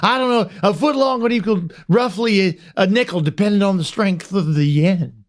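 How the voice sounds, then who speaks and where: A man's voice: sits high, normal speed, voice pushed up, close to an everyday voice. A man putting on the voice of a goofy, rambling old baseball announcer spouting dopey non-sequiturs.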